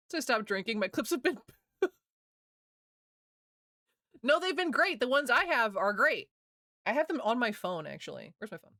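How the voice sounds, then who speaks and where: A woman in her thirties chats casually with her stream, laughing often and rattling along quickly. Her voice sits at an ordinary pitch. The sound is dry and close, with no room around it. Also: big pitch swings, bright, forceful tone, dry recording. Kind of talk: casual chat with viewers.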